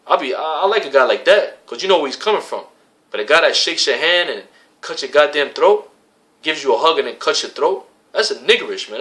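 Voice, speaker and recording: A man's voice: a little high, sharp tone. A man in an impassioned spoken rant to his religious brothers, repetitive and profane, tacking "man" onto his sentences. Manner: heated, repetitive, profane, keeps adding "man". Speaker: religious community member addressing his brothers.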